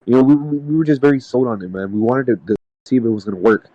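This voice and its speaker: A man telling a personal story in casual podcast talk, halting and rambling with lots of "dude" and "man". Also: fairly low pitch, dark tone, no echo, lo-fi sound. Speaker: podcast panelist. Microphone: podcast mic.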